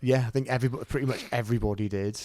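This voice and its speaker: A man co-hosting a football podcast, telling a relaxed anecdote in casual chat. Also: mid-range voice, very fast, no echo, studio quality. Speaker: podcast co-host.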